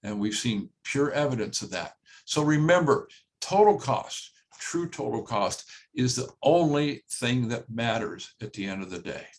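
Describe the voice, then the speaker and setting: An older man, a home builder, presents a workshop in a plain-spoken, conversational way, often repeating his key phrases and pausing with "uh". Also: mid-range voice, animated. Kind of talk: conversational webinar talk.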